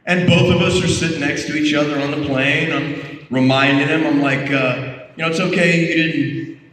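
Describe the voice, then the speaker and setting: A high-voiced man tells a rowdy, profane story to a convention crowd. He mimics the other people in it as he goes. He sounds distant, caught in a long-reverberating hall with steady background noise. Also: normal speed. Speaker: convention panel guest. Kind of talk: storytelling to an audience. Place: convention panel room. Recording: far-off echoey hall with noise.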